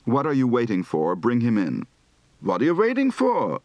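A man's voice: mid-range voice, huge pitch swings, moderate pace, darkish tone, dry recording. A man putting on a Polish Yiddish accent as a complaining older man, with strongly rising and falling intonation for an accent demonstration. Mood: exasperated.

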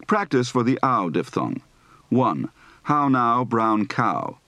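A man reading drills slowly and deliberately. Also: mid-range voice, big pitch swings, fairly bright tone, dry recording. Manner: precise, deliberate, over-enunciated. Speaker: speech teacher. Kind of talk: slow accent drill, reading word lists.

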